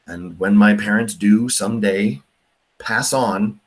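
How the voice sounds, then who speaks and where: A man teaching a class, talking casually with a mocking, animated manner and frequent fillers. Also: on the low side, takes it slowly. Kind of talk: classroom lecture.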